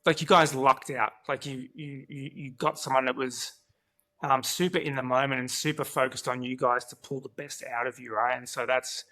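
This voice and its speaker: A man's voice: mid-range voice, steady tone, normal speed, pushed and bright. A man co-hosting a rock interview, asking long rambling questions full of fillers like "like" and "you know". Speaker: co-host. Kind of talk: casual interview chat.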